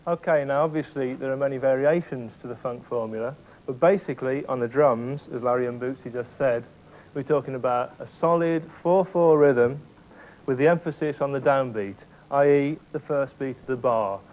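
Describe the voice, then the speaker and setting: A man's voice: mid-range voice, moderate pace, darkish tone, a little hiss or hum, poor audio. Methodical male drum instructor. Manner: clear, methodical, counts beats aloud. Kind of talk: instructional explanation with demonstrations.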